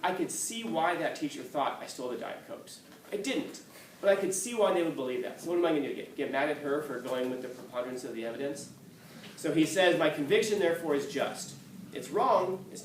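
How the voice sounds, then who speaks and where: Slightly high-voiced and heard over a noisy background, a man teaches with animated storytelling. He acts out quotes and laughs often, and the echoey classroom is recorded from a distance.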